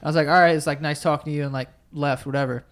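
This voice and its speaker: High-voiced man telling animated stories. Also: rapid-fire. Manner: animated storyteller, acts out quotes. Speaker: podcast host. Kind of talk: casual chat.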